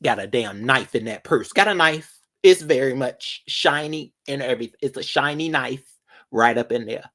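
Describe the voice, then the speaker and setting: A man talks straight to his viewers in a loose, sassy vlog rant. His delivery is dramatic, stretching words out for emphasis. His voice sits in an ordinary middle pitch. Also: normal speed, fairly bright tone. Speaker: vlogger. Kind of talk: casual commentary to viewers.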